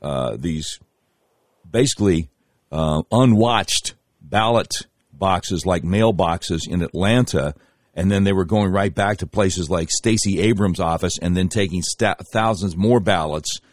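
A man's voice: deep voice, a little slow, no echo, clean studio sound. A man who is a guest on the show, talking casually and at length, telling a story with many fillers and hesitations. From Arkansas. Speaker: guest, candidate for governor. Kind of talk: casual interview talk.

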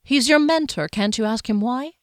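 A young woman warrior speaks directly and coaxingly, as the narrator voices her. The voice is smooth and close, with a dry sound. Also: a little high, normal speed, no room sound, pitched above the performer's own voice, lightly acted.

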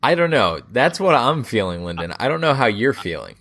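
A man's voice: medium pitch, sing-song, brisk, a bit bright. A man co-hosting a casual podcast, joking and laughing often. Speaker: podcast co-host.

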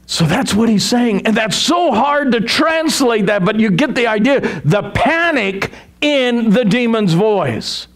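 A man's voice: very high-pitched, animated, measured pace. A male pastor preaching a sermon in a conversational way, often chuckling as he explains scripture.

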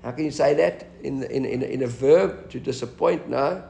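A man's voice: medium pitch, normal speed, vocal fry, dark tone, roomy sound, a little hiss or hum. A man teaching a Talmud class, explaining the text and asking his students questions as he goes.

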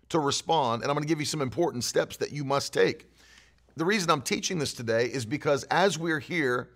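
Male pastor, sermon teaching, earnest storytelling, fairly high voice. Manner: earnest storytelling preacher, repeats for emphasis.

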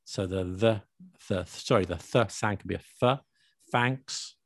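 A low-pitched man, talking in a relaxed, explanatory way. His voice has a gravelly edge. The recording is dry and close. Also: moderate pace, no room sound. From England, north London area. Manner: explanatory, chatty, laughs often. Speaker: language video maker discussing accents. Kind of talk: casual conversational chat.

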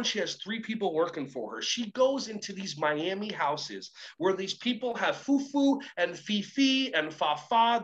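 High-voiced man telling animated stories. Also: poor audio. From Israel. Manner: energetic, acts out both sides of conversations. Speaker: motivational speaker and coach. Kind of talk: animated storytelling talk.

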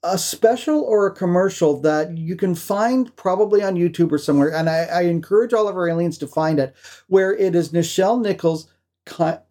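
A man co-hosting a podcast, telling stories in a lively way with frequent laughs and restarts. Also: sits high, moderate pace. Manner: animated storyteller, laughs often, restarts. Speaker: podcast co-host. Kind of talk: casual chat.

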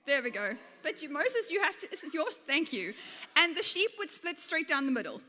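A woman's voice: high voice, moderate pace. Laughing, playful woman preaching in a hall. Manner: laughs often, lively and informal. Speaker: teacher and guest speaker. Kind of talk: playful storytelling sermon.

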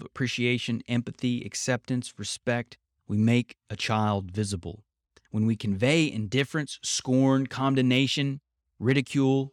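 A man hosting a podcast from home, talking things through in a calm, reflective, measured way. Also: medium pitch, no echo, clean studio sound. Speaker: podcast host. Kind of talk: explanatory podcast talk.

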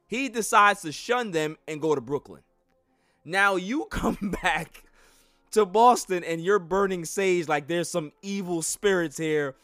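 A man hosting a solo sports podcast, ranting in an animated, mocking way and laughing as he goes. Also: sits high, unhurried, no room sound, studio quality, faint music behind. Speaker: podcast host.

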